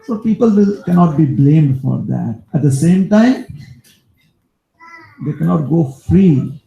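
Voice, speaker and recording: A male preacher telling a devotional story in a sermon, as an animated storyteller who turns aside to talk to his listeners. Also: a little high, slow pace, vocal fry, lo-fi sound. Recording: echoey room.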